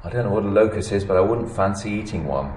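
A man preaching a sermon, swinging between hushed, low asides and loud, emphatic lines. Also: expressive, fast, roomy sound, slight background noise, poor audio.

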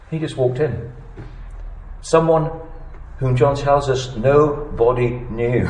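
A man preaching a sermon, swinging between hushed, low asides and loud, emphatic lines. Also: expressive, measured pace, long pauses, echoey room, low-quality recording.

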